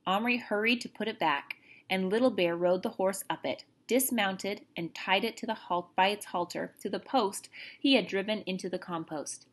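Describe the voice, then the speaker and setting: A woman's voice: mid-range voice, moderate pace. Woman reading a storybook aloud. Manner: expressive, lively narration.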